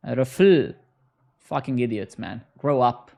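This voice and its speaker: A young man with a gravelly, creaky voice talks slowly and unhurriedly. He streams himself coding and throws sarcastic, profane jabs at his chat between lines of work. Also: medium pitch, expressive, dark tone. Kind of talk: casual live-stream banter while coding.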